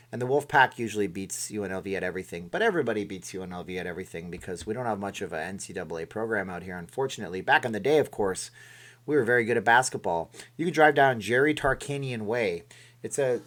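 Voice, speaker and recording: A man's voice: fairly low pitch, fairly bright tone. A middle-aged man from Canada hosting a casual live stream, reading and answering chat in a rambling way and often correcting himself.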